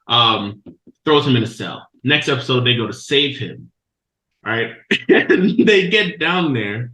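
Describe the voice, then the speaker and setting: Profane, animated man recapping an anime. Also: medium pitch, moderate pace, echoey room, rough recording. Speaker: podcast co-host. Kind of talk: casual chat, recapping an anime.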